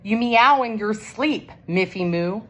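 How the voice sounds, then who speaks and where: A woman's voice: mid-range voice, takes it slowly, fairly bright tone, slight background noise, pitched above the performer's own voice. A woman voicing a little male gecko who teases bluntly. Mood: teasing. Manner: blunt and teasing.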